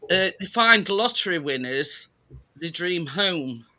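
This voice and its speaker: A high-pitched man rambles through secondhand stories in a casual chat. His voice is very bright and sharp, and he stumbles over words with plenty of fillers. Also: expressive. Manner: rambling, halting, many fillers. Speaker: participant in a group chat.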